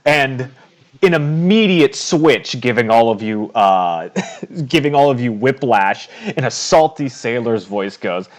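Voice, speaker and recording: A man's voice: mid-range voice, lively intonation, a little slow. A man narrating a tabletop game as game master, chatty and often laughing.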